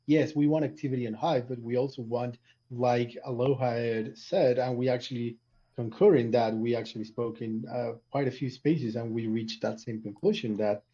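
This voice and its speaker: Man, emphatic and animated, mellow dark tone, dull lo-fi call audio. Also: medium pitch, normal speed. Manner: animated, emphatic, arguing a point. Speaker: community panelist. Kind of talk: casual spaces discussion.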